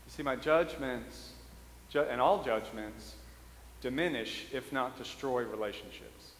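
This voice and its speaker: A man's voice: medium pitch, measured pace, a bit bright, a little hiss or hum. Man preaching with chuckles in an echoey church. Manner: humorous storytelling, self-mocking, chuckles often. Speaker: priest. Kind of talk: sermon. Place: church sanctuary. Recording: roomy echoey church hall.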